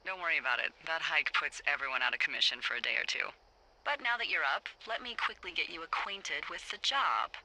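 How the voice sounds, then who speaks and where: A playful, sarcastic lookout boss crackling through a walkie-talkie in a video game. Her voice bounces up and down with lively intonation and a bright, sharp edge. She teases and swears with easy confidence. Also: low-pitched, a little fast, full character voice. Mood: briefing. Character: wry, teasing, bossy woman lookout boss on radio. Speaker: fire lookout supervisor.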